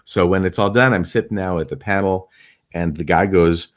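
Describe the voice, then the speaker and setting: A middle-aged man, a stage illusionist, telling animated anecdotes in a podcast interview and acting out the people he quotes. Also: sits low, normal speed.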